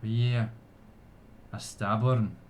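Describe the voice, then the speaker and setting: A man voicing a village elder who gives a measured ceremonial blessing at a gathering. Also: on the low side, little pitch movement, a little mellow. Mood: solemn. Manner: slow, measured ceremonial speech.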